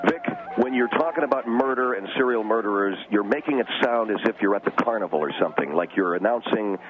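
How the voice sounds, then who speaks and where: Brief: male radio host phoning in, lowish voice, halting and uneasy, muffled line with noise. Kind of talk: comedic radio call. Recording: dull phone line with background noise.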